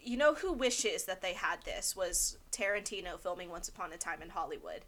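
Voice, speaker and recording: A woman co-hosting a podcast in casual chat, excitable and gushing, with lots of fillers and laughter. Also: fairly low pitch, a little fast, slight background noise. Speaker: podcast co-host.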